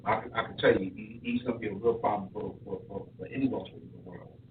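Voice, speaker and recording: A man's voice: fairly low pitch, steady tone, fast talker, slight background noise. A man talking as a boxing coach on a podcast, repeating himself as he tells stories. He sounds far from the mic in an echoey room, with a thin, phone-like tone. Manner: repetitive, storytelling with stutters. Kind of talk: casual podcast chat.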